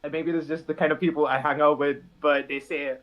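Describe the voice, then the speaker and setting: A man's voice: on the high side, little pitch movement, fast, dull audio. A man guest on a casual podcast, easygoing and laughing along, often hedging his opinions.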